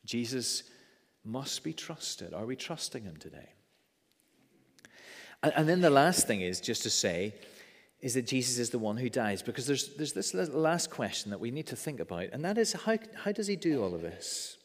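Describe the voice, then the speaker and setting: A man's voice: medium pitch, very animated, normal speed. A man preaching a sermon in an earnest way, often repeating words as he stresses his points. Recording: long reverb of a church hall.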